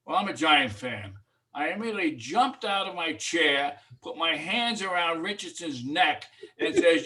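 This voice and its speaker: A man's voice: on the high side, animated, moderate pace, pushed and bright. A man telling an easygoing story on a video call. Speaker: meeting participant. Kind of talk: casual Zoom talk. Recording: distant video call mic.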